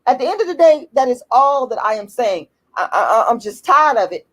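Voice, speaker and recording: A woman's voice: a little high, very animated, fairly quick. A woman with an African American English accent, ranting to camera in a blunt, profane, heated and repetitive way. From United States. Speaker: YouTube commentator. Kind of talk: emphatic personal rant to camera.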